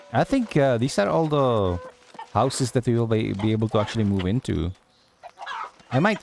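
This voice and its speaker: A man's voice: fairly low pitch, noisy background. A man streaming a video game, giving casual commentary in a mocking tone, laughing often and swearing. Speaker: vtuber streamer.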